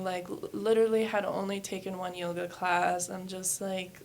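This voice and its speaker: A woman's voice: on the low side, little pitch movement, moderate pace, hardly any pauses, darkish tone. A woman in her thirties, a yoga studio owner, telling her life story candidly in a casual interview, with many fillers. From New Hampshire and West Virginia.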